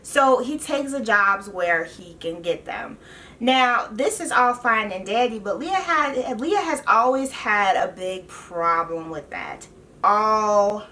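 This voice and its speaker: A woman vlogger recapping a TV show in a casual, animated and exasperated way, full of slang. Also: on the high side, slow, distant mic.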